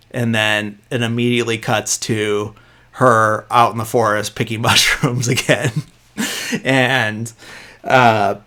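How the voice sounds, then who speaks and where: A man hosting a podcast, casually recapping a film's plot, full of fillers and quick asides where he quotes the characters. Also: mid-range voice. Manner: rambling, filler-heavy, quoting characters in a flat voice. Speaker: podcast host.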